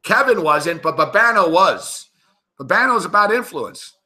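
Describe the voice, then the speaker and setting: This sports betting show host, somewhat tipsy, rambles through a profane drinking story full of laughs while calling games live. His sing-song voice sits high and runs a little slow, bright with a forceful tone.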